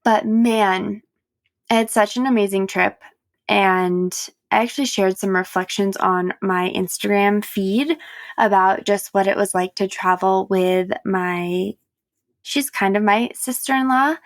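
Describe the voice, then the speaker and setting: A woman in her thirties talks through a relaxed solo podcast episode, candid and chatty with frequent laughs. Her voice carries a gravelly fry. The sound is dry and close, with no room around it. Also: medium pitch, a little slow, dry recording. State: tired and yawning. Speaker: podcast host. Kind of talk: casual solo podcast chat.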